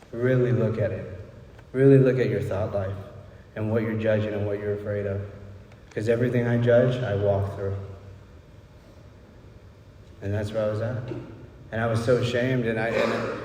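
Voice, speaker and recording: A man's voice: on the low side, dark tone. Recovery speaker, man, 30s, loose and confessional, constantly asking "right?", recorded at a distance in a roomy hall with faint background noise. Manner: candid, rambling, frequent "right?" asides. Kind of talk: personal recovery talk.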